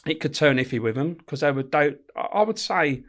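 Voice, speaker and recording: A man's voice: a little high, lively intonation, fairly quick. A middle-aged man, a former prison officer, telling stories in casual chat, swearing and laughing often. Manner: swearing, laughing, acts out voices. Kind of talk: casual anecdotal storytelling.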